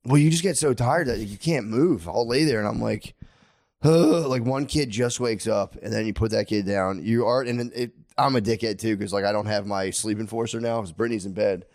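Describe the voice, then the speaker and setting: Thirtysomething guy rambling on a podcast, kinda low voice, swears a lot, dry sound. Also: brisk, few pauses, darkish tone, dry recording. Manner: rambling, profane, laughs often. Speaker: podcast co-host. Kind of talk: casual chat.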